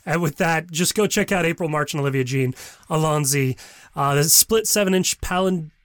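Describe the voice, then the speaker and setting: Male music-show co-host, joking, laughs a lot, higher voice, dry close sound. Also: normal speed, fairly bright tone, dry recording. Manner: playful, jokey, laughs often. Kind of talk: casual music review chat.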